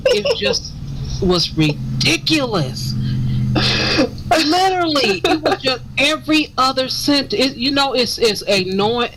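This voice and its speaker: A woman's voice: a little high, big pitch swings, a little slow, a bit bright, a little hiss or hum, rough recording. A woman co-hosting a radio show, telling stories and mimicking people for laughs. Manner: storytelling, mimicking others for laughs. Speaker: radio co-host. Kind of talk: casual radio chat.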